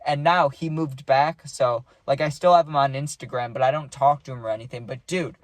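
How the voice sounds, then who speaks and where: A man's voice: medium pitch, fairly even intonation, a little fast, no room sound. A young man casually telling a rambling party story, full of slang and saying "dude" a lot.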